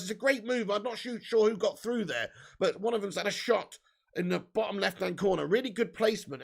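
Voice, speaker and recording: A young man hosts a live football watch-along, calling the action while reading and answering his viewers' messages. His voice sits high and carries a gravelly, creaky edge. He swears casually and jumps into loud, excited calls on near misses and saves. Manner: banter with chat, swearing, excited bursts on chances.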